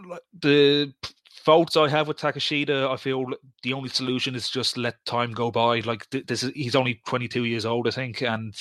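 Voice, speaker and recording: Man, casual podcaster, halting delivery full of ums and restarts, dry close recording. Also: mid-range voice, level tone, fairly bright tone, no room sound. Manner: hesitant, many fillers and restarts. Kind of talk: casual podcast chat about wrestling.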